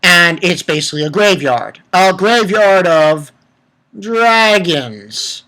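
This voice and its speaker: A woman giving a casual video review of an anime chapter. She gets excited, swears freely and acts out the characters' lines as she retells them. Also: lowish voice, slow pace.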